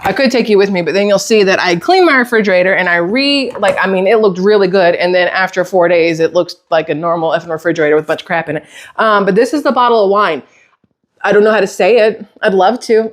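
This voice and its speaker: A middle-aged woman vlogging casually from her home kitchen, rambling off on tangents and swearing lightly. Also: medium pitch. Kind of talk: casual chatty vlog.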